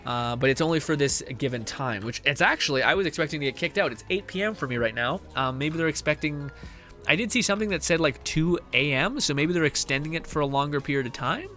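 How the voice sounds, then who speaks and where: A man's voice: on the high side, expressive, quick pace, bright, forceful tone, soft background music. A male streamer chatting casually and reading viewer messages aloud, tired and mentally drained, laughing often and swearing.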